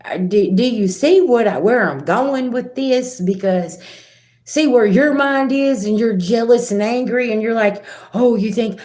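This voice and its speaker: A middle-aged woman, a spiritual reader talking casually and directly to her viewers in a rambling, animated way. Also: fairly high pitch, a little slow. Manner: animated, rambling, talks straight to viewers with asides. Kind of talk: casual direct-to-camera talk.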